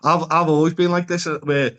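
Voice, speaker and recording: A plain-spoken man with a slightly raised pitch, chatting as a therapist guest on a podcast. He speaks frankly, swears freely and drops in local slang. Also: level tone, fast, fairly bright tone. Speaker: psychotherapist guest. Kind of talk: casual podcast conversation.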